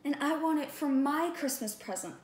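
A woman's voice: sits high, moderate pace, darkish tone, close to an everyday voice. A woman doing a gleeful storybook dad. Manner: gleeful, boastful. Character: jolly, scheming grown-up dad. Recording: echoey room, faint background hum.

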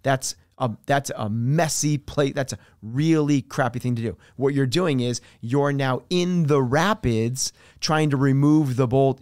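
A man of middle pitch talks as a podcast guest in an earnest, explanatory way. He leans on everyday examples and lowers his voice on key points. The recording is dry and close, with no room sound. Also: darkish tone, dry recording. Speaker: podcast guest, fitness coach. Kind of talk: conversational podcast interview.

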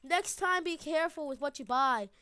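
Very high-voiced excitable female gamer. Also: normal speed, dry recording. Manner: excitable, laughs often, repeats phrases. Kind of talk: live gameplay commentary.

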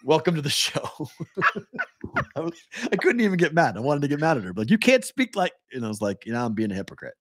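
A man's voice: medium pitch, very animated, fast talker, fairly bright tone. A man with a Boston accent co-hosting a casual sports talk show, telling stories and laughing often. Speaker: co-host.

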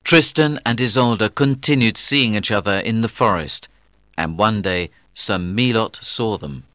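A man narrating a graded-reader story with careful, deliberate reading. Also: on the low side, bright, forceful tone, no echo. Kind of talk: scripted audiobook narration for learners.

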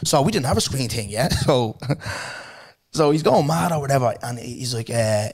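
A man's voice: mid-range voice, moderate pace, breathy edge. A young man hosting a podcast, telling stories in casual chat and acting out the people in them. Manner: animated, acts out other people's voices while telling stories. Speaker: podcast host.

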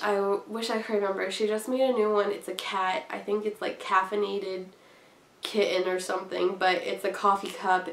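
A young woman with a cold rambles cheerfully through a haul, giggling between thoughts. Her mid-pitched voice has a gravelly edge. The room around her rings with echo. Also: fairly bright tone. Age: young adult. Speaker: craft vlogger. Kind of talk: casual haul chat.

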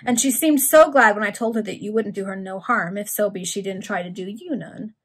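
A woman reading aloud, voicing a gruff, rough-spoken male thief who talks in slang. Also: medium pitch, a little fast, fairly bright tone. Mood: reporting. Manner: growling, slangy dialect.

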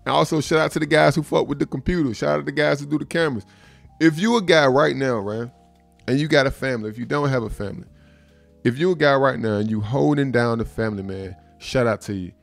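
A man's voice: medium pitch, gravelly. A man hosting a casual livestream chat, laid-back and profane, often repeating filler phrases. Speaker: livestream host.

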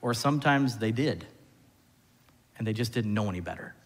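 A man preaching a sermon as pastor, animated, often putting questions to the congregation. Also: on the low side, moderate pace. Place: church sanctuary. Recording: church hall reverb.

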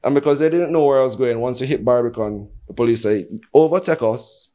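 A man's voice: mid-range voice, fast. A man with a Jamaican accent, a podcast guest telling a story in casual chat and acting out the voices of the people in it. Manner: animated storyteller acting out quotes.

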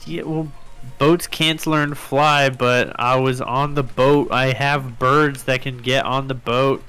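A man's voice: mid-range voice, fairly even intonation, takes it slowly, a bit bright, clean tone. Sarcastic, teasing gamer man, faint music. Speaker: co-streamer. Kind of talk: casual gaming chat.

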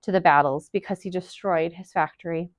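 A woman's voice: fairly low pitch, steady tone, a little fast, no echo, lightly acted. A woman voicing an anxious young boy hero in a read-aloud storybook, speaking urgently.

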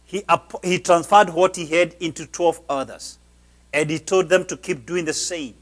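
A male pastor with a notably high-pitched voice delivers a sermon. He speaks emphatically, pressing and exhorting his listeners. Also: moderate pace, fairly bright tone.

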